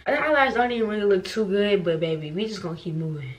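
A woman's voice: mid-range voice, expressive, fast talker, highs cut off. Young woman, get-ready-with-me vlog, profane and self-mocking, talks straight to viewers, phone mic at home, faint background hiss. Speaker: vlogger.

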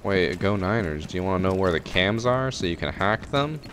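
Deep guy joking around with friends mid-game, gunfire noise behind him. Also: animated, a little fast. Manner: joking, teasing. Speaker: gamer. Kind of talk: casual gaming banter. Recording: noisy game audio behind voice.

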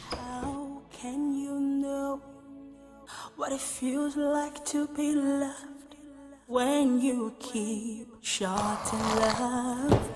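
An actress playing a gentle woman who pleads in soft, half-sung lines. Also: sits high, steady tone, drawn-out words. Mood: pleading. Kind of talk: film drama acting. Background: prominent film music.

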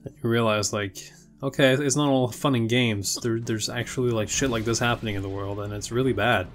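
A man's voice: mid-range voice, fairly even intonation, fairly quick, faint music behind. A man with a stuffy nose, chatting casually and swearing lightly as he reacts to an anime episode, with the show's audio playing underneath.

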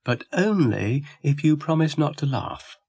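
A man's voice: fairly high pitch, sing-song, measured pace, a little mellow, husky, no room sound, voice pushed up, heavily acted. A man voicing a grumpy, self-pitying male dog in a storybook recording, with a whiny, wheedling way of talking. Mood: sulky.

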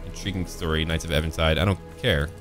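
A man's voice: fairly even intonation, fast talker, fairly bright tone, faint music behind. A man commenting while he plays a video game, playful and joking, slipping into mock-pompous old-fashioned phrasing and yelping with laughter. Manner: playful, jumps to high silly exclamations and laughs. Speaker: gameplay commentator. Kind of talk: let's-play commentary.

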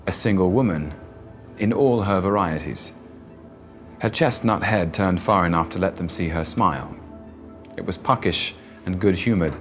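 A man with a very low voice reads a novel aloud in an even, measured way. His narration moves steadily between the characters' lines. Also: faint music behind. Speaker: audiobook narrator.

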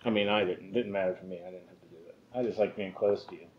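A man's voice: deep voice, fairly even intonation, fast talker, muffled recording. A man co-hosting a whiskey and cigar review, chatting casually in a joking, easygoing way. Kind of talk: casual chat.

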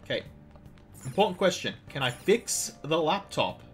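A man's voice: on the high side, big pitch swings, normal speed, faint music behind. A man in casual game commentary, chatty and jokey, often stumbling over words. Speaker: let's play streamer.

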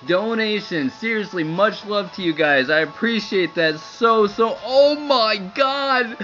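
Young male livestreamer, overjoyed and crying, high bright voice; lo-fi stream sound. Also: unhurried. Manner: overjoyed, laughing and tearful, breathless thanks. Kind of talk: excited livestream commentary. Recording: dull lo-fi stream audio with faint music.

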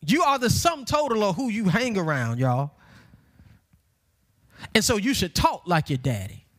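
Southern male pastor with a high voice and a country twang, preacherly sermon delivery that rises to shouts. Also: big pitch swings, a little slow. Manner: preacherly, building to shouted emphasis, says y'all.

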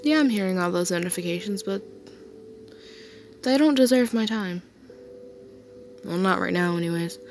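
A woman voicing an affectionate young man who soothes his partner to sleep in a soft comfort role-play, tender and reassuring. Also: medium pitch, animated, normal speed, pauses often, a little hiss or hum, close to an everyday voice.

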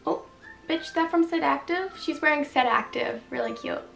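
A woman's voice: sits high, normal speed, gravelly, a bit bright, recorded from a distance. A young woman giving sarcastic, chatty commentary while playing a story game and reading its lines aloud. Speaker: gaming vlogger. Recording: echoey room, voice off-mic, music behind.

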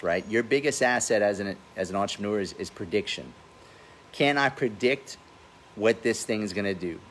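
Over slight background noise, a man with a lowish voice gives blunt, profane business tips in a casual livestream by his pool. He's a real estate investor and host in his forties who says his accent is funny.

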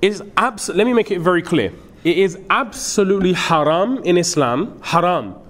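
A man's voice: sits high, animated, normal speed, a bit bright. A man giving an earnest, emphatic sermon-style lecture as a madrasa teacher, mixing in Urdu and Arabic phrases. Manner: earnest, emphatic, switches between English and Urdu with Arabic quotations.

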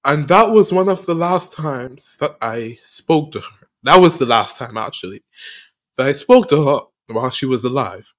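A man hosting a podcast, telling a personal story of loss in an emotional, halting way, often repeating phrases, with earnest faith. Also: mid-range voice, expressive. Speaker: podcast host.

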